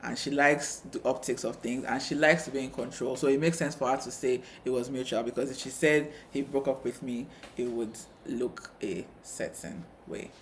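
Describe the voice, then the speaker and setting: A man co-hosting a casual TV review chat, retelling scenes with quick asides. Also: mid-range voice, fairly even intonation, slight background noise. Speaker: co-host of a TV review channel.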